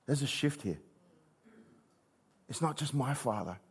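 A man preaching a sermon, reading scripture and acting out the figures' words, moving between loud and hushed. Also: mid-range voice, measured pace, breathy edge. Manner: expressive, acts out quoted voices, shifts from loud to hushed.

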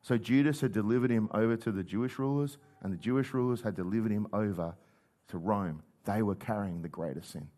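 Speaking a little fast in a lowish, mellow voice, a man preaches conversationally, recounting scripture as a story. He performs the quoted lines as he goes.

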